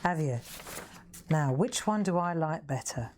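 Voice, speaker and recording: Woman, low voice, chatty live craft host who talks straight to her viewers. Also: expressive, a little slow, a little mellow, a little hiss or hum.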